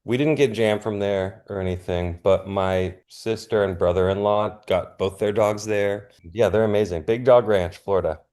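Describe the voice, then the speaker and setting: A man chatting casually as a podcast guest, laid-back and quick to laugh. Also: on the low side, a little mellow. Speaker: punk musician guest. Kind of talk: casual interview chat.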